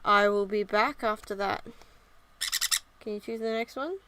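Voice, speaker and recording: Woman, mid-pitched, soft cooing pet talk, casual vlog, noisy recording with a bird in the background. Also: a little slow. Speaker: vlogger. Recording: loud background noise.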